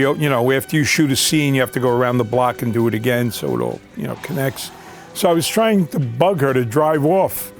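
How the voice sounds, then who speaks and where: An older man, a veteran actor, reminiscing in a documentary interview, rambling with fillers and restarts. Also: medium pitch. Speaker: actor recalling his career.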